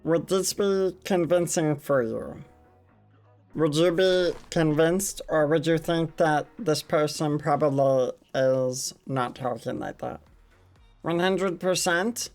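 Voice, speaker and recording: An unhurried man running a building contest on stream, talking in a mid-range voice. He coaxes and encourages the players, jokes with the chat, and narrates as he moves their builds around. Faint music plays underneath. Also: on the high side, a little mellow. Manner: encouraging, joking, chatting with players while building. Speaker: game host and streamer. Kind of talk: casual livestream commentary.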